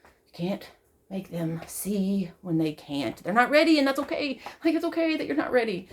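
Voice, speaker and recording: A woman talking straight to camera in an emotional personal monologue, swearing often, repeating herself, and swinging from loud outbursts to soft, quiet pleading. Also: mid-range voice, very animated, normal speed. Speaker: vlogger.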